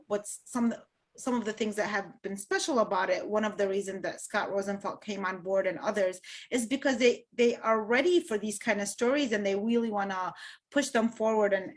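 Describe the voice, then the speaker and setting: A woman hosts an interview and asks long, winding questions, often thanking and praising her guest. Her voice is a little high for a woman. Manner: warm, appreciative, rambling questions. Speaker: interview host, filmmaker. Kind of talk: interview conversation.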